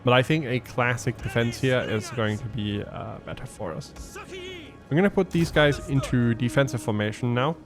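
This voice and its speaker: A man's voice: medium pitch, normal speed, faint music behind. A man giving casual gameplay commentary as a let's play host, thinking aloud and explaining his tactics with frequent ums.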